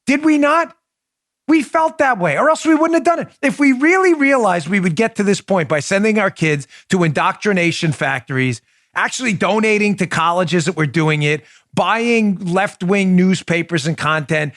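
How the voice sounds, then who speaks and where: A man's voice: high voice, lively intonation, normal speed, fairly bright tone, dry recording, studio quality. A middle-aged man hosting a podcast, delivering a fired-up political commentary monologue with emphatic, repeated words. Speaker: podcast host.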